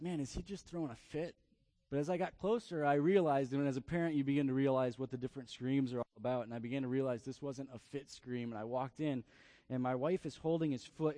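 A man in his thirties, a pastor preaching a sermon through a family story, often repeating words in quick bursts. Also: medium pitch, dark tone, no room sound.

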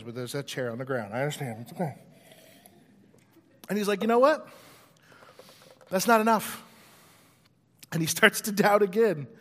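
A pastor preaching a sermon, telling a story in an animated way and acting out its voices. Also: male voice, high voice. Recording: long hall reverb.

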